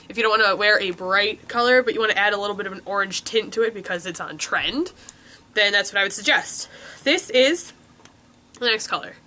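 In a room with a window, a young woman whose nose is stuffed up gives a casual lipstick review as a beauty vlogger. She has a medium-pitched, sharp-toned voice and talks in a rambling, chatty way full of ums and likes.

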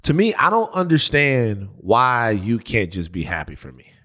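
A man's voice: mid-range voice, very animated, moderate pace, sharp tone. A man co-hosting a podcast in casual chat, playful and given to singing his own jingles. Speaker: podcast co-host.

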